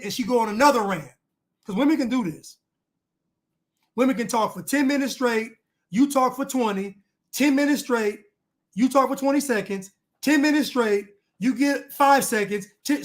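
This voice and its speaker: A man's voice: very high-pitched, normal speed. A man reacting to clips with blunt, emphatic commentary, repeating lines for emphasis.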